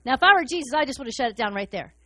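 A woman preaching a sermon in a fast, excited, humorous way. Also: sits high.

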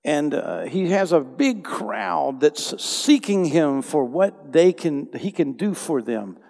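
Older guy pastor preaching in a big echoey church, gravelly voice, keeps repeating himself. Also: on the high side, animated, slow pace, darkish tone. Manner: conversational, with restarts and repeated phrases. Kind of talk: sermon. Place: church hall. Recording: long hall reverb.

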